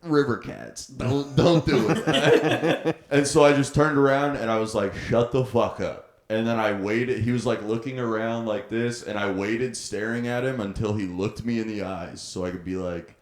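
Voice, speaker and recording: A man's voice: lowish voice, steady tone, normal speed, few pauses, echoey room. A young man co-hosting a podcast, animatedly telling a story and laughing often. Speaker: podcast co-host. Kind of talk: casual storytelling chat.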